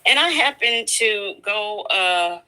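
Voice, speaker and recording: A woman hosting a casual livestream, slowly retelling news to her viewers in a chatty way. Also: mid-range voice, animated, sharp tone, rough recording. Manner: slow, chatty storytelling. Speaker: livestream host.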